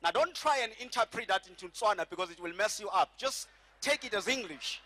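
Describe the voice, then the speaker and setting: A middle-aged man preaching with a high, ringing voice. He leans on key phrases, drawing them out slowly and calling the congregation to say them back. His tone is bright and forceful from the pulpit. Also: expressive. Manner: emphatic preaching, slows and stretches key phrases, has congregation repeat after him. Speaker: pastor. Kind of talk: sermon.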